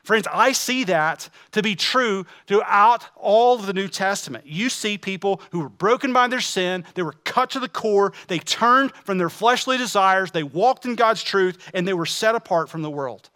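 A pastor preaching to his congregation in a high, bright voice. He fires off rhetorical questions and swings from loud, emphatic lines to hushed, close asides. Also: expressive, moderate pace, hardly any pauses. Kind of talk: sermon.

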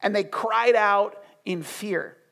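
A man preaching a sermon with passion, dropping to a hush and then rising loud. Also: high voice, takes it slowly, creaky. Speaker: pastor.

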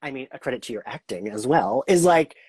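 A woman's voice: extremely low pitch, lively intonation, brisk, a little mellow, breathy edge, dry recording. A young woman hosting a podcast interview over a video call. She talks casually and enthusiastically, rambling with heavy use of "like". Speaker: podcast host.

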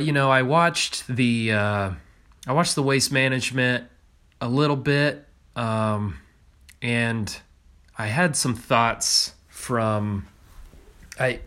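A man's voice: fairly low pitch, a bit bright. A man hosting a solo golf podcast, talking off the cuff while congested from being sick, with frequent restarts and fillers. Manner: rambling, with many restarts and fillers. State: congested from illness. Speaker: podcast host.

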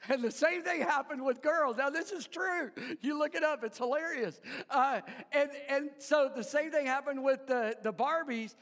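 A man preaching a sermon, telling a story with chuckles and halting restarts. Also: very high-pitched, fairly bright tone, big-room sound. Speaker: pastor.

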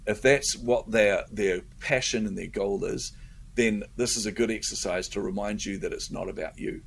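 A middle-aged man, a guest entrepreneur, chatting in an interview and telling stories with animated energy, laughing often and repeating words. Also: lowish voice, normal speed, vocal fry, a little hiss or hum. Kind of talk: casual interview chat.

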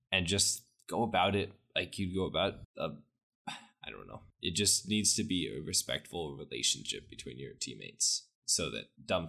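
Brief: deep-voiced male co-host, relaxed rambling delivery. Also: creaky. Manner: easygoing, rambling, trails off. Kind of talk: casual chat.

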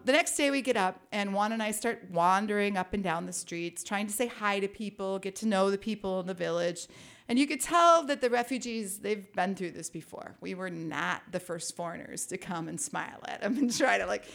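A woman spins a personal story with lively, animated delivery, dropping wry asides as she goes. Her pitch sits in an ordinary middle range, neither high nor low. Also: normal speed, vocal fry. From Minnesota. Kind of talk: personal story told to an audience.

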